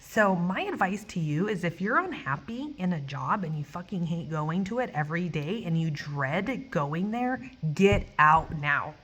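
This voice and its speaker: A woman's voice: lowish voice, moderate pace, hardly any pauses, breathy edge. A woman vlogger telling a personal work story in a casual, emotional way, acting out the people she quotes and swearing now and then. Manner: animated, acts out quoted voices, swears; emotional, near tears at times.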